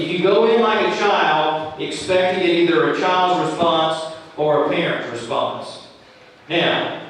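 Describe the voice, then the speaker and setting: A man's voice: fairly high pitch, a bit bright, a little hiss or hum. A man leading a church training session, talking conversationally and acting out quoted lines as examples. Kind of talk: training talk to volunteers. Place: church room. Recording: echoey room from far off.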